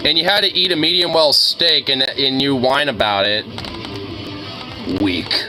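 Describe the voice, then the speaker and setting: A man's voice: mid-range voice, animated, moderate pace. A man chatting casually among friends, joking and laughing, with plenty of fillers. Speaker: podcast host. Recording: music playing behind.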